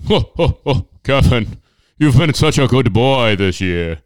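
A man's voice: lively intonation, unhurried, clean tone, no echo, studio quality, close to an everyday voice. Santa done by a man with an Irish twang. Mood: jolly. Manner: booming ho-hos, chuckling. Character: jolly Santa Claus, old man, cheery.

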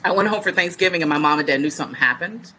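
Woman, 40s, podcast guest; low voice, bright edge, animated storyteller. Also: racing, slight background noise, poor audio. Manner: lively storyteller who acts out other people's words. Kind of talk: casual storytelling.

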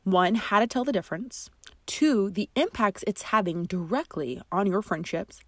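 A woman hosts an advice podcast as a friendship coach, delivering scripted narration and advice in a chatty, emphatic style with asides. Her medium-pitched voice is animated at a normal speed, recorded dry with clean studio sound.

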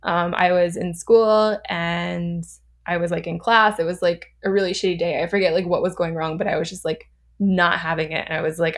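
A woman in her thirties from Southern California, a podcast guest telling a story in a chatty, animated way, laughing often and full of fillers. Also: on the low side, moderate pace. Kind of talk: casual storytelling.

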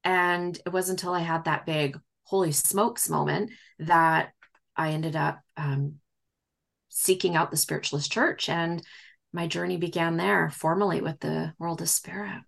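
A woman's voice: sits low, fairly even intonation, unhurried, gravelly, fairly bright tone. Chatty woman telling her story. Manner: chatty, acts out quoted dialogue, many fillers. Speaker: guest medium. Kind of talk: casual storytelling in a podcast interview.

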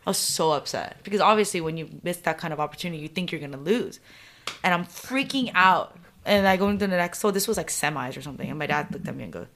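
A young adult woman, a professional golfer, telling lively stories as a podcast guest, loud and animated, laughing often and acting out quotes. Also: on the low side, quick pace. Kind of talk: casual interview storytelling.

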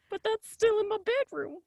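A woman chatting in a casual group call, animated and giggly. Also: very high-pitched, gravelly, no room sound. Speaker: voice actor.

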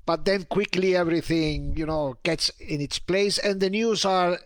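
A man's voice: high-pitched, moderate pace, fairly bright tone, no echo. A man from Spain with a Spanish accent, a journalist chatting on a podcast with hesitant fillers. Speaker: journalist guest. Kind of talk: casual chat.

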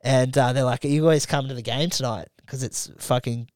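A man's voice: mid-range voice, steady tone, fairly quick, darkish tone, smooth, no echo, clean studio sound. A young Australian man co-hosting a podcast, telling a travel story in casual chat, swearing freely and acting out his mates' lines. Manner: swears freely, acts out friends in quoted dialogue. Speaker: podcast co-host.

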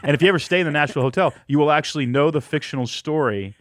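A man hosting an interview podcast, telling stories with enthusiasm in quick bursts. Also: a little high, no room sound, studio quality. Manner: energetic, storytelling, quick bursts. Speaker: podcast host.

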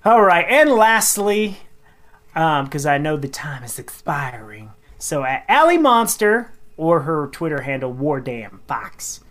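Animated giggly woman radio co-host. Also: low-pitched, unhurried. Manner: animated, giggly, acts out quoted lines. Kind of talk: reading listener tweets on a comedy radio segment.

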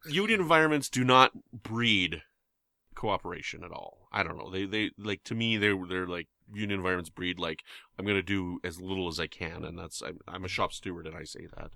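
Podcast co-host: a Canadian man, bright voice, dry close sound, joking and chatty. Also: low-pitched, brisk, vocal fry, no room sound. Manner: chatty, joking asides, many restarts. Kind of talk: casual chat.

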